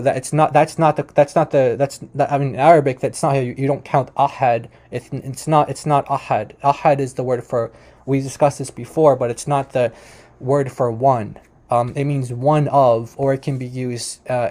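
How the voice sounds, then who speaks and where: A man talks through debate clips in an easygoing commentary, his voice mellow and dark. He rambles, restarts his sentences often and leans on fillers, with amused chuckles along the way. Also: mid-range voice. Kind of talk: casual commentary over a screen share.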